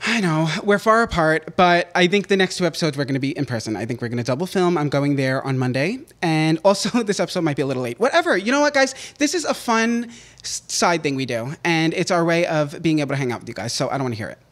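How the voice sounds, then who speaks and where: A man co-hosting a podcast in casual chat, rambling through stories with sudden jumps in pitch and loudness. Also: lively intonation, quick pace. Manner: rambling, chatty storytelling. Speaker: podcast co-host.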